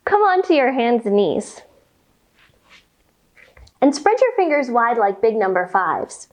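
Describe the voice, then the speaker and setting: A high-voiced woman leads a children's yoga class and walks the kids slowly through each pose. Her pitch swoops up and down with playful, sing-song cheer. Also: very animated. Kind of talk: guided kids' yoga class.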